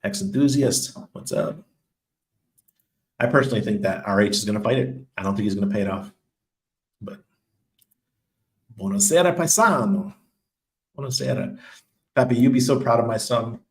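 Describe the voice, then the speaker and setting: Man, livestream host, casual chat, lower voice, rambling and laughing, roomy echo. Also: quick pace, slight background noise. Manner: loose, chatty, laughs often, trails off with ums. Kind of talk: casual livestream chat reading viewer comments. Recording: echoey room.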